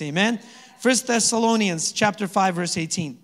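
A man preaching a sermon as pastor, conversational and quick to chuckle, often asking the congregation to answer back. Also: sits high, big-room sound. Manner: conversational, asks the congregation to respond; chuckles often between points. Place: church sanctuary.

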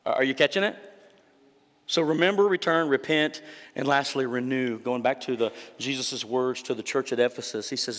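A man's voice: medium pitch, moderate pace, fairly bright tone. A male pastor delivering a sermon in an emphatic, conversational way, often tossing rhetorical questions to the congregation. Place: church sanctuary. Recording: reverberant church hall.

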